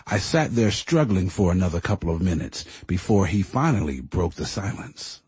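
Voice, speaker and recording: A man's voice: low-pitched, very animated, normal speed, darkish tone, husky, no echo. A man reading first-person audiobook narration in a reflective, earnest way.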